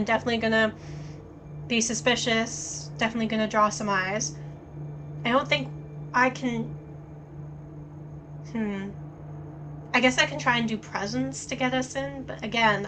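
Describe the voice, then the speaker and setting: A woman streaming a story game, reading its text aloud and thinking out loud in a casual way, with plenty of swearing. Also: a little high, background noise.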